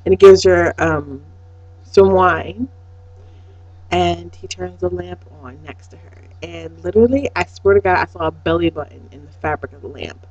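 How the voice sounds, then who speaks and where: A woman casually recapping a TV episode, excitable and profane, swinging from hushed to loud. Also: fairly low pitch, moderate pace, muffled recording.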